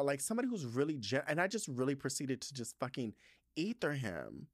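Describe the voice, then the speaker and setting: Reading out listener reviews on his solo podcast, a brisk young man with a mid-range voice gets sassy and expressive, cursing playfully and making frequent asides; the studio sound is clean with no echo.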